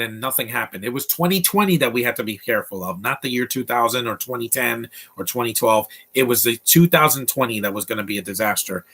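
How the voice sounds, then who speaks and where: A man's voice: medium pitch, quick pace, sharp tone, breathy edge. A man in his twenties giving casual live commentary over a film, blunt and opinionated, rambling with many restarts. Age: 20s. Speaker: movie commentator.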